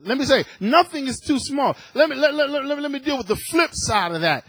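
A man in his fifties preaching a sermon, emphatic, repeating his words and rising at times to shouts. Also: very high voice, animated, fast, dry recording. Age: 50s.

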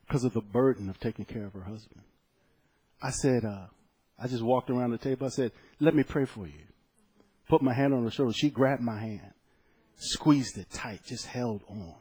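Preaching pastor, loud then hushed. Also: male voice, medium pitch, expressive, moderate pace, slightly rough. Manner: swings from loud exclaiming to soft, hushed storytelling. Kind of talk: sermon with personal story.

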